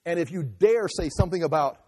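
A man's voice: fairly high pitch, animated, a little fast, a little mellow, husky. A man preaching an impassioned, emphatic sermon, mimicking the voices of people he argues against. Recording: echoey hall.

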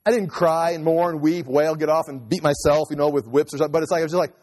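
A man's voice: a little high, fairly even intonation, fast talker, hardly any pauses, a little mellow, long reverb tail. A man preaching a sermon in a loose, conversational way, often restarting and acting out what people say to themselves. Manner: conversational, repeats and restarts, acts out inner voices. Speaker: pastor.

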